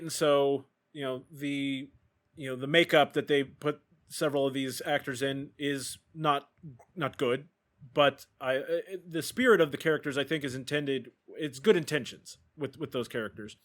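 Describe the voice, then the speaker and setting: A man hosting a film podcast who speaks in a brisk way and steers the talk on to the next topic. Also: a little high, a bit bright. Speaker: podcast host. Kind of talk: casual film discussion.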